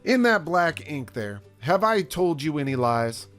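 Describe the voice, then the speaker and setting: A man's voice: fairly high pitch, very animated, a little slow, fairly bright tone, soft background music. A man playing a folksy trial lawyer, addressing a jury in a theatrical courtroom way with a put-on accent.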